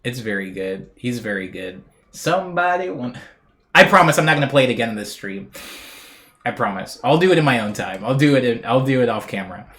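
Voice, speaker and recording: A man chatting casually on a live stream, relaxed and talkative, reading viewers' messages aloud and laughing now and then. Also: medium pitch, quick pace.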